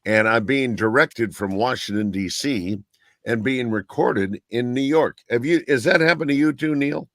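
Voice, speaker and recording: A man's voice: medium pitch, normal speed, a bit bright, no echo, clean studio sound. A man on a radio-style chat show, telling rambling anecdotes and often looping back with "so anyway". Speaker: guest radio personality.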